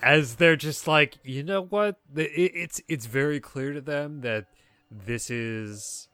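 A man narrating a tabletop game as game master in a relaxed, conversational way. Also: fairly high pitch, slow, clear, resonant tone, no echo, clean studio sound.

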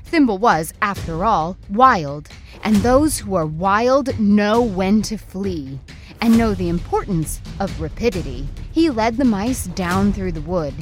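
A woman reads a children's adventure story at an unhurried, deliberate pace, building suspense with each line. Her pitch sits in a middle range, and soft music plays faintly behind her. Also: animated. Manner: slow, dramatic, suspenseful reading. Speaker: narrator. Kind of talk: storybook narration.

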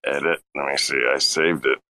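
A man's voice: very deep voice, fairly even intonation, a little fast, sharp tone. A man chatting casually on a panel, muttering asides to himself while he fiddles with a screen. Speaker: panel guest. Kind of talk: casual chat.

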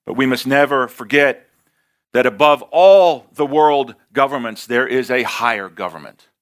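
A man with an American accent preaching a sermon, rising for emphasis and slowing down to read scripture. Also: mid-range voice, fairly bright tone. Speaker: pastor.

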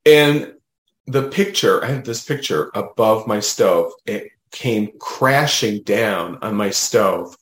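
A man, a guest medium, telling a personal story in a casual, animated way, often adding "you know" and "right?". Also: lowish voice, slow pace, roomy sound, slight background noise.

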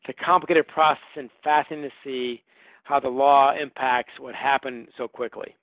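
A man's voice: medium pitch, steady tone, moderate pace, no room sound. A male author answering interview questions, telling history with a wry, storytelling manner. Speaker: author guest. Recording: phone-like line.

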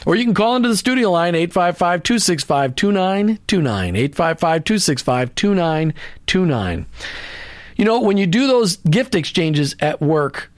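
A man's voice: high voice, very animated, normal speed, no room sound. A man hosting a Christian radio talk show, speaking earnestly in a preachy way, with many restarts and asides into a studio microphone.

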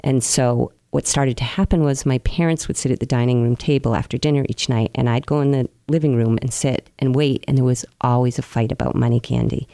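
A woman recounting her life in an interview, earnest and open, with soft pauses as she reflects. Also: a bass voice, steady tone, gravelly, no echo. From New England, US. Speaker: interview guest.

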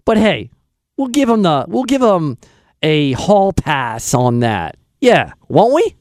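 Male radio host, rambling and lively, close dry studio sound. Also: on the high side, slow pace, no echo. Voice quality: chatty, rambling. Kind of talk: casual radio talk.

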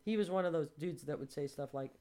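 Lively, outspoken woman in her sixties. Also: sits low, fast talker. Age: 60s. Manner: animated storytelling, swears freely, acts out quoted dialogue. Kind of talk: casual chat.

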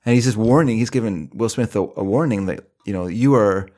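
A man's voice: lowish voice, a little fast, warm tone. A middle-aged man co-hosting a film podcast, recapping the plot in a rambling, casual way with many restarts. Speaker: podcast co-host.

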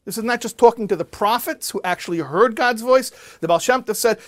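A man speaking as a rabbi, telling a personal story in an animated way and often repeating himself. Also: high-pitched, brisk. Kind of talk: storytelling talk.

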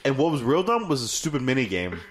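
A man's voice: medium pitch, big pitch swings, fast talker. A man co-hosting a podcast, chatting casually and swearing, acting out lines in silly voices. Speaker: podcast co-host. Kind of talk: casual chat about a video game.

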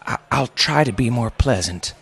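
A man's voice: mid-range voice, animated, moderate pace, creaky, fairly bright tone, breathy edge, voice pushed up, exaggerated voice. A man voicing an elderly father who speaks in a trembling, pleading way.

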